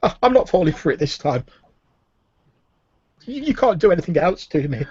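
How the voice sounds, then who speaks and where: A man's voice: a little high, brisk, slightly rough, no room sound, lo-fi sound, voice pushed up. A man voicing a terrified, broken male prisoner who stammers and sobs. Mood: tearful. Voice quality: stammering, whimpering. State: sobbing.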